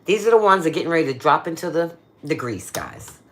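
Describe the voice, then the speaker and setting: Woman, livestream cooking host, chatty and playful, very animated pitch, phone mic in a home kitchen. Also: fast. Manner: chatty and playful, talks straight to her viewers, Southern slang. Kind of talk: casual livestream chat while cooking.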